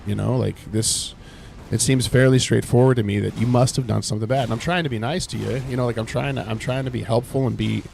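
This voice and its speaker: A man's voice: steady tone, quick pace, creaky, a little mellow, a little hiss or hum. A man leading a casual Bible study on a live stream, rambling with many fillers and retelling scripture in everyday words. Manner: reacts to game and chat in low muttering asides. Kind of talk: casual live-stream teaching while gaming.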